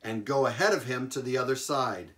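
A man preaching a sermon, retelling a Bible story with lively emphasis, repeated phrases and frequent chuckles. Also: medium pitch, brisk.

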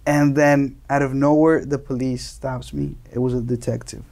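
A young man from Colombia, a native Spanish speaker, telling casual stories as an interview guest, animated and laughing often. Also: mid-range voice, normal speed, gravelly. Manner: animated, laughing, acts out quoted voices. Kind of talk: casual storytelling.

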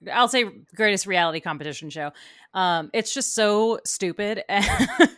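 A woman co-hosting a podcast, talking in a lively, chatty way full of quick asides. Her voice sits at a middle pitch and is recorded close and dry, with no room sound. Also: no echo. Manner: chatty and animated, quick asides, frequent laughs. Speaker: podcast co-host. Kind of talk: casual chat about TV shows.

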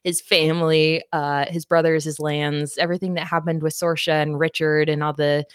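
A woman's voice: sits low, little pitch movement, moderate pace, clear, resonant tone, no room sound, studio quality. A woman co-hosting a casual book podcast, laughing often and getting emotional as she recaps the story. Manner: giggly, emotional, swears casually, reads passages aloud. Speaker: podcast co-host. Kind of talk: casual book-club chat.

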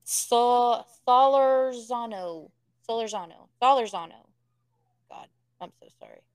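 A woman's voice: a little high, a little slow, no room sound. A woman co-hosting a casual live podcast, chatty and self-deprecating as she announces winners. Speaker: podcast co-host.

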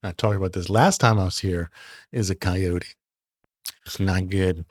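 A man in a casual studio chat about hunting, relaxed and asking questions. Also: sits low, moderate pace, breathy edge. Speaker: podcast co-host.

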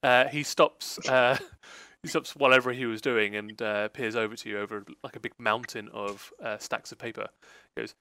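Gm guy, gravelly bright voice, rambly with lots of ums. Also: medium pitch, steady tone, moderate pace, few pauses, no echo. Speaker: game master. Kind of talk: narrating a tabletop role-play game.

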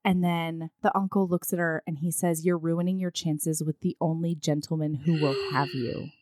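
A woman recapping a film in casual chat, acting out the characters' lines in an animated way. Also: sits low, moderate pace, no room sound, studio quality. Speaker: podcast co-host recapping a film. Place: her living room.

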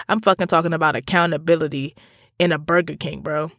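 A fast-talking man with a slightly high voice speaks directly to listeners in a dry, studio-quality recording. He tells a story in a casual, slangy, profane monologue that moves between animated ranting and calmer reflection.

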